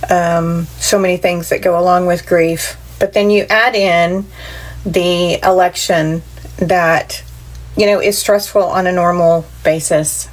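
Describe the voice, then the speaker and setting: Weary, flat-voiced woman. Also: lowish voice, a little slow, low-quality recording. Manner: weary, reflective. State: tired from lack of sleep. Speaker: content creator. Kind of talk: candid vlog.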